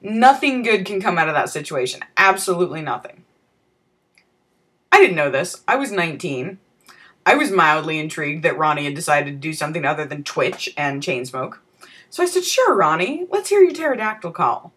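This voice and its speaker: A woman vlogger spins a comic tale from her own life, dry and full of casual swearing. Her voice sits on the lower side, and she slips in deadpan asides to the viewer. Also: moderate pace, husky. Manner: wry, profane, deadpan asides. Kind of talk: comic personal storytelling.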